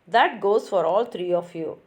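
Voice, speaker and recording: A woman's voice: mid-range voice, measured pace, a little mellow, close to an everyday voice. A woman reading a novel aloud, voicing a stern father who commands his children in a clipped way. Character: stern middle-aged father scolding children.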